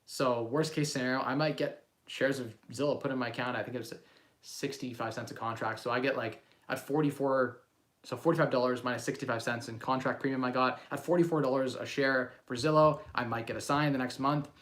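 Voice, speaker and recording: A man in his thirties talks casually on a livestream, answering viewers' questions as he goes. His voice sits at a middle pitch, and his delivery is loose and rambling, full of ums and restarts. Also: fairly even intonation, fairly quick, fairly bright tone.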